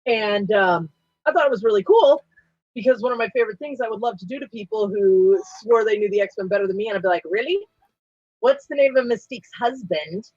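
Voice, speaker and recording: A woman's voice: medium pitch, fast, a little mellow, dry recording. Guest: Australian woman, mid-range voice, eager chatter over dull, dry call audio. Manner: enthusiastic, chatty fan talk. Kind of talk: casual live-stream chat.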